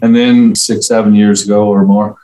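Middle-aged man from England, low-pitched, easygoing interview guest, rambling storyteller. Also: level tone, moderate pace, dark tone, low-quality recording. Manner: rambling, friendly storytelling with fillers. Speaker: interview guest, local resident. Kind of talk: casual conversational chat.

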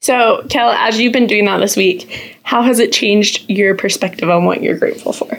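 A woman's voice: mid-range voice, moderate pace, vocal fry. A young adult woman co-hosting a podcast with friends, upbeat and asking questions casually. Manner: upbeat, asks questions with fillers. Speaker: podcast co-host. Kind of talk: casual chat among friends.

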